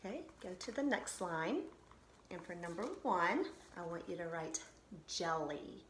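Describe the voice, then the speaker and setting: A woman's voice: lowish voice, expressive, a bit bright, slight background noise. Patient woman teaching phonics, echoey room. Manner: patient, sounds out syllables slowly and reassures. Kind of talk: recorded phonics lesson for children.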